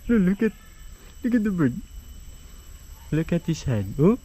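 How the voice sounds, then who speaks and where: A woman with a lowish, warm, slightly rough voice talks to a baby outdoors in a nature park, showing the little one around as a parent. Her casual baby talk is unhurried and sing-song, coaxing as she points out what's around them.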